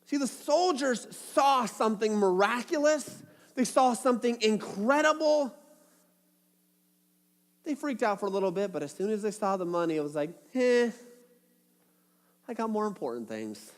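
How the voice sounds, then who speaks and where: Male pastor, high voice, relaxed playful sermon delivery, long reverb from the hall. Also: normal speed. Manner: casual, playful storytelling with acted asides.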